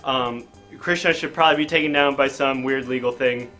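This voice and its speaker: A man's voice: mid-range voice, fairly even intonation, a little fast, sharp tone, faint music behind. A man hosting an improv comedy show, out of breath, rambling and stammering in a dazed way. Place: hot indoor stage.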